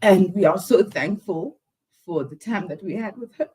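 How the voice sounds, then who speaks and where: Halting, teary woman hosting a live stream. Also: medium pitch, warm tone, husky, low-quality recording. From South Africa. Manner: halting, with many sighs and pauses. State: teary, close to crying. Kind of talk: casual live-stream talk.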